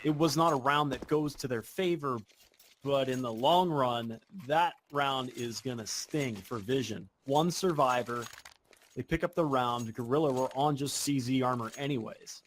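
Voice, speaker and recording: A man casting an esports match with play-by-play commentary, talking in quick, excitable bursts. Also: medium pitch, slight background noise. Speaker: esports caster.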